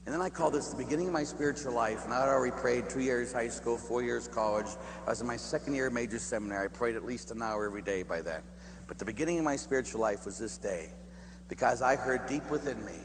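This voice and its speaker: A man from Pittsburgh, a Catholic priest, telling a humorous, animated personal story in a sermon, often laughing and adding "huh?". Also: mid-range voice, fast talker. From Pittsburgh, United States. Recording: echoey hall, faint hum.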